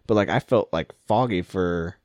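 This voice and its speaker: A man's voice: sits low, moderate pace, a little mellow, no room sound, clean studio sound. A man casually telling a funny story, laughing often and acting out what people said. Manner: laughing storyteller, acts out quotes. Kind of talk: casual chat.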